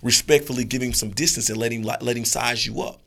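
A man voicing a calm, wise male dog therapist giving slow, patient advice. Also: mid-range voice, creaky.

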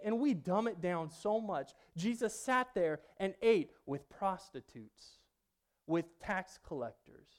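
A man preaching a personal testimony sermon, moving between hushed passages and loud outbursts. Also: high voice. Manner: dynamic, swings from hushed to loud.

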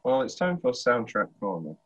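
A man co-hosting a casual film podcast, blunt and sweary, with a husky voice. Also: medium pitch, very animated, moderate pace, highs cut off. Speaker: podcast co-host.

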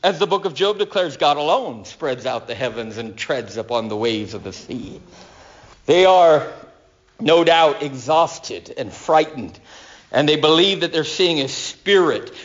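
A man preaching a sermon, storytelling dramatically and swinging from loud declarations to hushed tones. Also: a little high, animated, takes it slowly, lo-fi sound.

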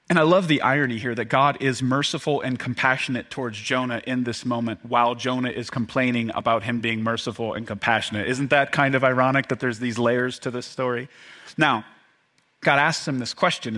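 A man preaching a sermon to his congregation, animated and joking, often acting out the voices of the people in the story. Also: medium pitch, fairly quick. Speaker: pastor.

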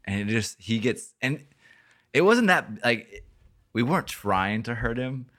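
A man's voice: mid-range voice, big pitch swings, measured pace, a bit bright. A young man hosting a podcast, telling a story in a rambling, casual way with lots of swearing and filler words. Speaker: podcast host.

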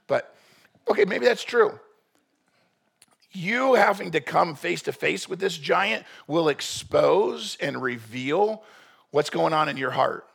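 Gravelly, emphatic male preacher. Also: mid-range voice. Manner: emphatic, conversational preaching with sudden loud bursts. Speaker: pastor. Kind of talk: sermon.

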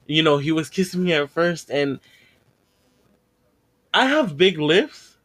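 A man's voice: a little high, measured pace, pauses often, fairly bright tone. A man hosting a podcast, telling a long story in casual chat, swearing freely and acting out what people said. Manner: profane, laughing, acts out dialogue in the story. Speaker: podcast host.

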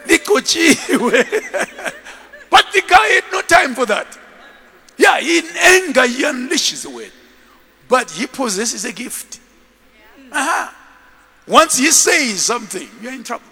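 A man preaching a sermon as a bishop, telling stories in an animated way and acting out the scenes. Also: very high voice, measured pace, vocal fry, pauses often, husky, in a large hall.

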